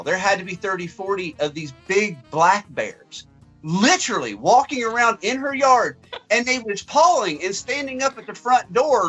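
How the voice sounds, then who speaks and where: A man's voice: high voice, slightly rough. A young man, a podcast co-host telling a long story in casual chat and acting out the voices. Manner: animated, acts out voices in his stories.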